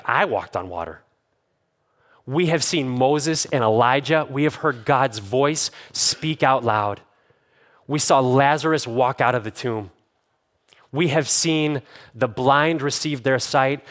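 Man preaching a conversational sermon. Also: medium pitch. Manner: conversational preaching, building to fervent emphasis. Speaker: pastor. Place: church sanctuary.

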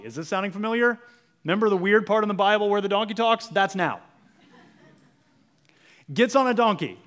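A conversational preacher, a man. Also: high voice. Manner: conversational storytelling, dropping to a hush for emphasis. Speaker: pastor. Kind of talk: sermon.

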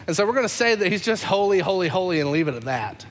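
A pastor preaching a sermon in an animated, conversational way, building points by repeating phrases. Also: male voice, high voice, fast, hardly any pauses, big-room sound.

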